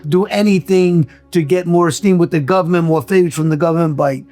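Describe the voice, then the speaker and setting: High-voiced earnest man. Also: fairly quick, mellow, soft background music. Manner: earnest, reassuring. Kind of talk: casual conversation.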